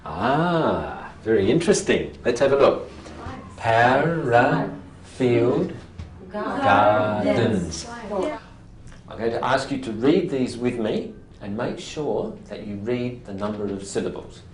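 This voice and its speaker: Language teacher, animated pitch, slow deliberate word modelling, quick check-up questions. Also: a little hiss or hum. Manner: prompting and checking students with short questions. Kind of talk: classroom teaching with explanatory voice-over.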